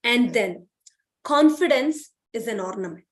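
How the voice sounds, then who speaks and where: A woman's voice: a little high, lively intonation, a little slow. A woman with an Indian English accent teaching a lesson on public speaking, earnest and repetitive, often saying "you know" and "okay". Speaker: speaking trainer. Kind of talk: lecture to students.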